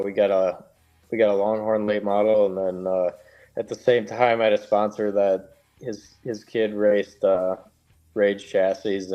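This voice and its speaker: A man from Minnesota guesting on a racing podcast, answering in a plainspoken, steady way. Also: on the low side, dull audio. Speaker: guest race driver. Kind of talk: casual interview.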